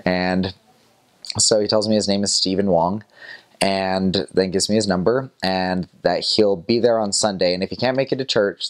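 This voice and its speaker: A young man with a fairly low voice recounts a personal story in an easygoing, conversational way. He sprinkles in small laughs and casual fillers as he talks. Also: a bit bright. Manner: chatty, laughs often between phrases, fillers like "like" and "kinda". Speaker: former missionary telling a story.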